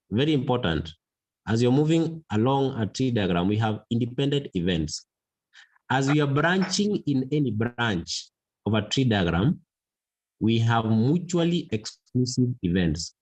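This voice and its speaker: A man teaching a mathematics lesson, slow and deliberate, repeating key words for emphasis. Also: mid-range voice, poor audio. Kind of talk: classroom lesson.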